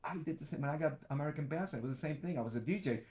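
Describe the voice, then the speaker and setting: An older man, a guest, telling lively stories about his dancing days and acting out every quote. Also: racing. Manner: lively storyteller who acts out quotes with big pitch jumps. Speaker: guest, former TV dancer and host. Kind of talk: animated storytelling.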